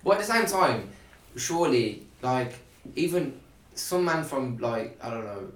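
A man's voice: mid-range voice, unhurried, a little hiss or hum. Man, guest actor, casual rambling podcast talk, roomy echo. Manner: relaxed, rambling, London slang like "innit".

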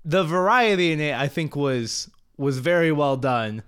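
A young man co-hosting a casual movie review podcast, talking in a relaxed, halting way. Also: fairly high pitch, clean tone. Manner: relaxed, halting, many fillers. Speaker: podcast co-host.

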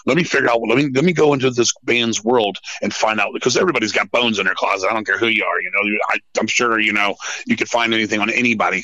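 A man's voice: mid-range voice, no echo, poor audio. A man in his fifties telling blunt, profane stories in a casual podcast chat. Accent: American. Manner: profane, blunt, animated storyteller. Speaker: guest musician.

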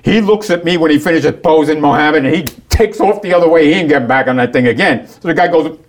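A man casually telling a long, animated story and acting out the people in it. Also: a little high, quick pace. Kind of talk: casual anecdote.

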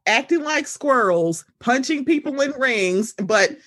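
A woman co-hosting a podcast in casual chat, animated and profane, often slipping into mocking voices of others. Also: sits high, measured pace. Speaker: podcast co-host.

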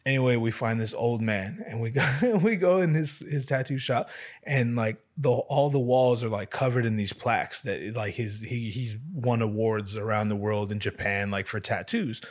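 A man's voice: medium pitch, moderate pace. A man in his thirties hosting a casual chat, telling stories in a laid-back, slangy, profane way. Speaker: podcast host.

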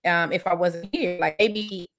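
A woman's voice: fairly low pitch, fairly even intonation, a little slow, fairly bright tone, slight background noise. A woman co-hosting a casual chat podcast, blunt and profane, laughing easily. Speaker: podcast co-host.

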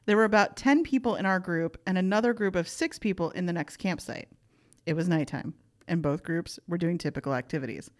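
A woman's voice: lowish voice, a little fast. Giggly woman co-hosting a podcast. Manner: giggly, bantering. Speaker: podcast co-host. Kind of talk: casual chat, reading posts aloud.

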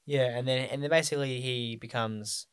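A man's voice: medium pitch, steady tone, moderate pace, clean tone, no echo, clean studio sound. A man in casual film chat, rambling and often losing his thread. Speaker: podcast co-host. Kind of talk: casual chat about films.

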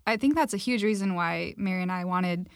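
A woman's voice: fairly low pitch, brisk, no room sound, clean studio sound. A young woman co-hosting a casual faith conversation on a call, enthusiastic and full of "like" fillers. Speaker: podcast co-host.

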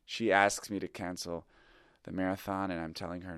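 A man's voice: sits low, level tone, a little fast, vocal fry, few pauses, a bit bright, dry recording. A middle-aged man who teaches improv tells a personal story in a reflective, candid and self-critical way. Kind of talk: confessional storytelling.

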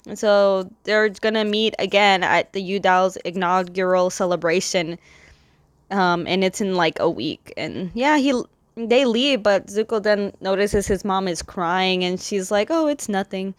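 A woman casually recapping a story, rambling loosely with lots of fillers and slipping into quick, light impressions of the characters' lines. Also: mid-range voice, no echo. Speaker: comic recap host.

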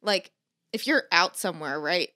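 Bright, lively woman co-host. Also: fairly low pitch, moderate pace. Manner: chatty, swears casually. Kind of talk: casual podcast chat.

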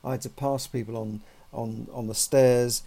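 A man's voice: medium pitch, steady tone, moderate pace, warm tone. A man, talking in a rambling, conversational monologue full of "you know" and restarts. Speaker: podcast host. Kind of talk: casual monologue.

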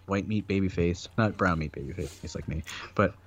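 A man's voice: deep voice, moderate pace, dull audio. A man co-hosting a casual podcast chat, talking loosely with lots of fillers and frequent laughs. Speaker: podcast co-host.

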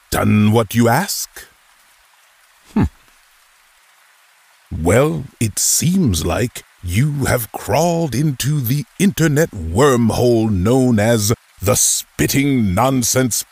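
A man doing a slow, gravelly mysterious narrator. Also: medium pitch, darkish tone, no room sound, full character voice. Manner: slow, theatrical, drawn-out delivery. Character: mysterious, grand male narrator greeting a wanderer. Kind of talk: dramatic outro narration.

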